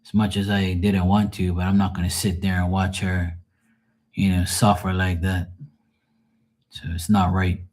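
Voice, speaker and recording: A man's voice: low voice, flat delivery, measured pace, long pauses, darkish tone. A middle-aged man talking casually and frankly to his live viewers, grieving, rambling and swearing freely. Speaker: livestream host.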